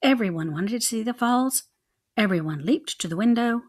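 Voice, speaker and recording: A young adult woman reading a children's chapter book aloud in an expressive, rhythmic way. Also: fairly high pitch, moderate pace. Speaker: reader.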